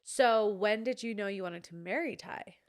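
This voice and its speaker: A woman hosting a podcast, asking questions with quick reactions in casual chat. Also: mid-range voice. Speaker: podcast host.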